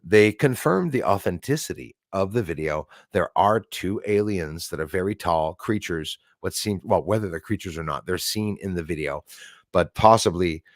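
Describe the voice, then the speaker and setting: A man's voice: sits low, lively intonation, normal speed, dry recording, studio quality. A middle-aged man from Canada hosting a live stream, chatting casually and rambling as he reads viewer comments aloud. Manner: chatty, rambling, laughs often.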